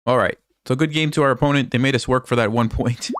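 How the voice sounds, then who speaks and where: A hoarse man commentating his own online games as a chess coach, thinking aloud in a relaxed way and quizzing viewers. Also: mid-range voice, fast, a little hiss or hum. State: hoarse, losing his voice, coughing. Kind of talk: casual live game commentary.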